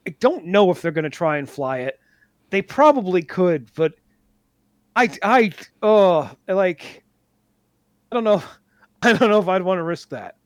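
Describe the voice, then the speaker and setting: A high-voiced man co-hosts a podcast, trading deadpan jokes in halting bursts full of restarts. The sound is dry and close, with no room around it. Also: no room sound. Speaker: podcast co-host. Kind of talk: casual podcast banter.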